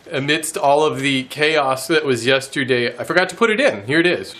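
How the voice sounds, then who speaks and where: A man's voice: on the high side, moderate pace, sharp tone. A man hosting a woodworking channel, chatting casually to camera and laughing often at himself.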